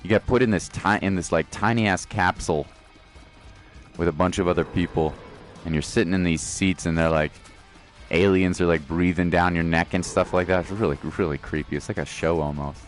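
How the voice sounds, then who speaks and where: A man's voice: sits low, steady tone, a little fast, soft background music. A man streaming a video game, chatting casually and laid-back with his viewers. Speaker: gaming streamer. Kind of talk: casual live-stream chat.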